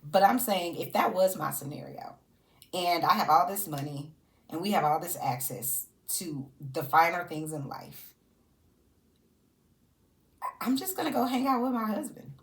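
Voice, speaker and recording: A woman's voice: fairly low pitch, animated, a little slow, pauses often. A woman giving casual, sassy reality TV commentary. She laughs often and talks to her subjects directly.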